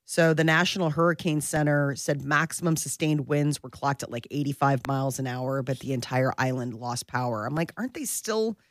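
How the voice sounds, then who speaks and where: A woman co-hosting a morning radio show, reading the news in a casual, chatty way with many "like"s and quick laughs. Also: extremely low pitch, no echo, studio quality. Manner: chatty, lots of "like" and restarts, laughs often.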